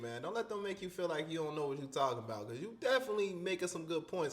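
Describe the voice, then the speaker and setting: A man's voice: fairly high pitch, expressive, a little fast, hardly any pauses, fairly bright tone. A man hosting a story show, reacting to a viewer's tale in casual, slangy, incredulous commentary.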